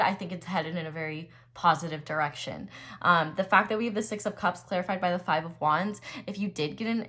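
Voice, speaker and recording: A young woman giving a casual tarot reading to her viewers, chatty and full of fillers, breaking into excited bursts as she turns cards. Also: mid-range voice. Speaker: tarot reader.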